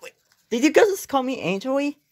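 A performer voicing a sweet, lovestruck girl character in an amateur voice drama, soft and hesitant. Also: sits high, very animated, fairly quick, pitched above the performer's own voice. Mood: eager.

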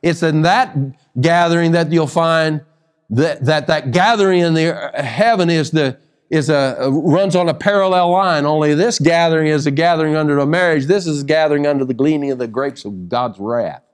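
A man's voice: fairly high pitch, normal speed. A man teaching a Bible study sermon, emphatic, reading scripture aloud and often restarting phrases.

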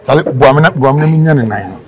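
Quick-asking male interviewer amid a crowd. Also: mid-range voice. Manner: quick probing questions. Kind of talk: interview questions.

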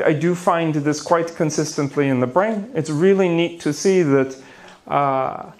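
Slightly high in pitch and darkish in tone, this neuroscience lecturer addresses a conference audience about the brain. His talk is playful and theatrical, sprinkled with gasps, asides and jokes.

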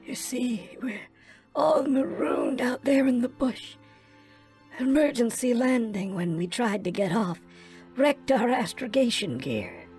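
A man's voice: very high-pitched, expressive, slow pace, a little mellow, faint music behind, pitched above the performer's own voice, full character voice. A man reading a story, voicing a dying alien creature that poses as a woman, faint and breathless as it pleads. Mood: pleading. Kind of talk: audiobook reading.

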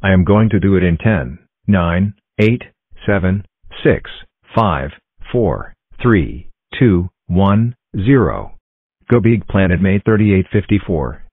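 A deep synthetic male voice as a bratty bald boy. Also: slow pace, husky, no echo, full character voice. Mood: taunting. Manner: flat robotic insults. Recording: tinny phone-like dry sound.

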